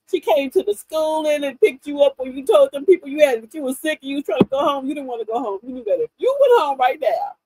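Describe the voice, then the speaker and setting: This middle-aged livestream host chats casually, telling stories in an animated, laughing style. Her voice is high-pitched and husky. Recorded on a livestream mic, the sound is dry and low-quality.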